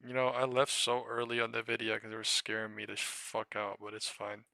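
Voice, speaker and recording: A man's voice: lowish voice, completely flat delivery, fairly quick, gravelly, bright, forceful tone, no room sound. A man live-streaming his stock trades, talking casually with heavy swearing and exasperated rambling.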